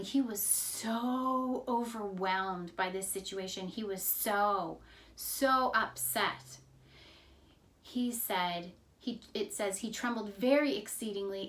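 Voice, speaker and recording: A woman Sunday school teacher narrating a Bible story in an expressive, storytelling way. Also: mid-range voice, slow, distant mic.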